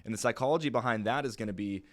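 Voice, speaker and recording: A man's voice: medium pitch, rapid-fire, a bit bright. A young man teaching sales calls in a casual, plain-spoken way, with lots of fillers. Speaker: insurance sales trainer. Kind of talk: casual training talk.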